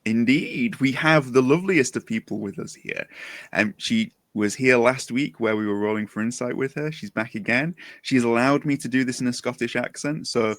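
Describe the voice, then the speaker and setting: A man's voice: mid-range voice, normal speed, no echo. A man hosting a podcast in a casual chat style, upbeat and jokey as he introduces guests. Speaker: podcast host.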